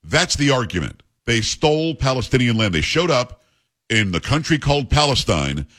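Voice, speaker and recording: Man, talk radio host, blunt, opinionated, husky, studio mic. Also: mid-range voice, very animated, fairly bright tone. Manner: blunt, opinionated, rapid asides. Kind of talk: talk radio monologue and call-in. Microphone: studio microphone.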